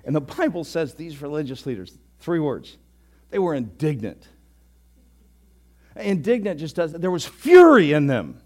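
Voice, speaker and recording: A pastor preaching a sermon in a conversational, animated way with sudden bursts of emphasis. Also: male voice, a little high, unhurried.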